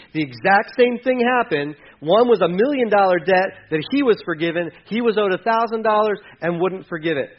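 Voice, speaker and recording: A man's voice: high voice, muffled recording. A man preaching a sermon in a conversational, jokey way, acting out little voices as he retells the scripture. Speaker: pastor.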